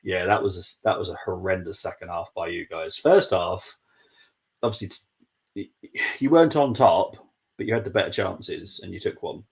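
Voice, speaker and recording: A man's voice: low voice, moderate pace, creaky, husky. A young man hosting a live football watchalong stream, chatting casually and reading out viewer messages. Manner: chatty, reads out viewer messages, laughs often.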